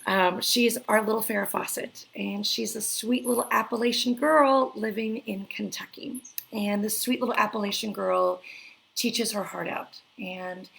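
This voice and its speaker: A woman's voice: mid-range voice, vocal fry, fairly bright tone, poor audio. A woman hosting a live online interview, effusive and emotional, reading a viewer's letter aloud. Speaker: host.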